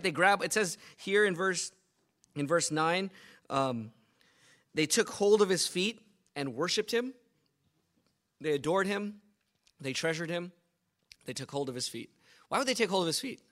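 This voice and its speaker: Bright-voiced man preaching animatedly. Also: high-pitched. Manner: animated preaching, rhetorical questions to the congregation. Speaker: pastor. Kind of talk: sermon.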